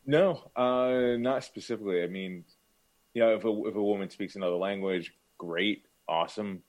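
A younger man co-hosting a podcast fields teasing during casual banter, responding hesitantly and defensively with stammered restarts. His voice is lowish and moves at a moderate pace.

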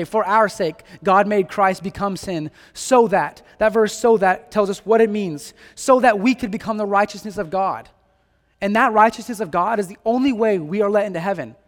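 A man's voice: high-pitched, big-room sound. A man preaching a sermon, earnest and emphatic, driving points home with repeated phrases and rhetorical questions.

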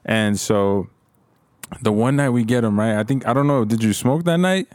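A man's voice: medium pitch, moderate pace, a little mellow, no room sound, studio quality. A man in casual chat among friends, starting a story in a laid-back way with many fillers. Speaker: podcast co-host.

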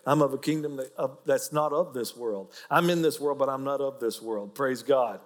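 A man's voice: mid-range voice, normal speed, long reverb tail. A man with an Oklahoma accent preaching a sermon, folksy and joking as he teaches. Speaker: pastor.

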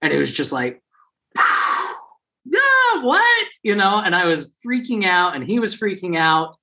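A man's voice: sits high, lively intonation, normal speed, bright, forceful tone. A man in his forties telling a personal story in a casual way, acting out the people he quotes in raised, funny voices.

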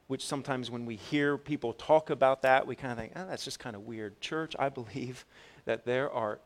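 Male pastor, mid-pitched, storytelling sermon with big dynamic swings and repeated restarts. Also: normal speed. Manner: storytelling, animated with swings from loud to soft; repeats words when restarting.

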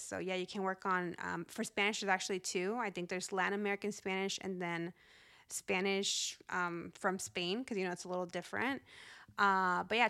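A woman's voice: medium pitch, a bit bright. Chatty woman podcasting solo. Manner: chatty, upbeat, laughs often. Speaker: podcast host. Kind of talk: casual solo podcast talk.

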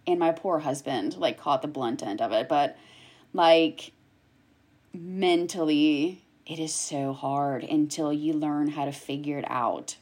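A woman's voice: low-pitched, slow pace, darkish tone, slightly rough. A woman speaking candidly and emotionally in a conversation, with many fillers. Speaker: guest, cancer survivor.

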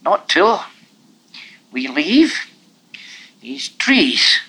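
A man's voice: fairly high pitch, big pitch swings, drawn-out words, bright, forceful tone, pitched above the performer's own voice, exaggerated voice, poor audio. A man voicing a patient but easily irritated grown man in a storybook reading. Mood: firm.

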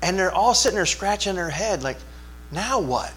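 A man delivers a sermon in a somewhat high voice, chatting with his congregation and putting questions to them. He swings from quiet, low asides to loud, forceful peaks of emphasis. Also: animated, a little fast, a little hiss or hum. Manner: conversational, asks the congregation questions. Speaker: pastor.

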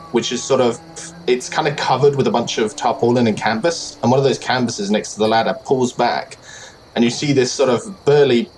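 A man narrating scenes as game master of a tabletop game in a relaxed, descriptive way. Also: mid-range voice.

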